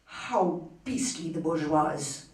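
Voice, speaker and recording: A woman's voice: deep voice, animated, takes it slowly. A woman in her fifties with a German accent, reading a poem aloud at a bookshop poetry night with dramatic emphasis. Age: 50s. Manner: dramatic, rising to loud emphasis on key lines. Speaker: poetry reader. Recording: roomy, from far off the mic.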